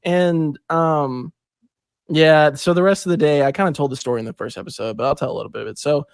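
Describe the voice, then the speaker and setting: A young man hosting a podcast, telling a story in casual chat, animated and swearing, acting out quotes with big jumps in pitch. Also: brisk, vocal fry, no room sound, clean studio sound. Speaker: podcast host.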